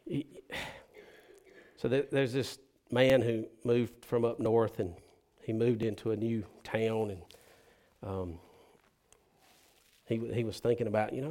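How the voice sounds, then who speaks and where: A man, a pastor telling a story in a sermon and acting out its people with sudden loud, high bursts. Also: steady tone, a little slow, pauses often.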